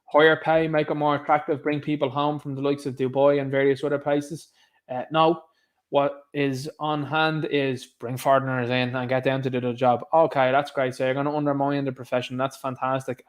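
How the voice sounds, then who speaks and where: Irish male commentator, slightly high voice, sarcastic scoffing delivery, solo to camera. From Ireland. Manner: sarcastic, scoffing, mocks others in put-on voices. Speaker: online commentator.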